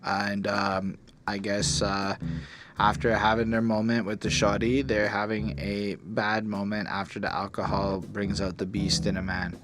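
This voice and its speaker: A man's voice: fairly low pitch, level tone, unhurried. A man hosting a podcast, talking through songs in a laid-back, hesitant way. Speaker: podcast host. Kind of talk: casual album review chat.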